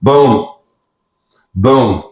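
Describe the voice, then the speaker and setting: A man, a dad, hosting a casual family cooking show in a home kitchen with playful hype-man patter and shout-outs. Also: medium pitch, drawn-out words, poor audio.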